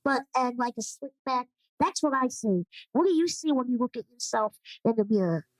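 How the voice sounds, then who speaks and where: A woman's voice: fairly high pitch, lively intonation, moderate pace, no echo, rough recording. A woman guest on a podcast, chatting casually and often murmuring in agreement. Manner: warm, affirming, with frequent agreeing murmurs. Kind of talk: casual conversation.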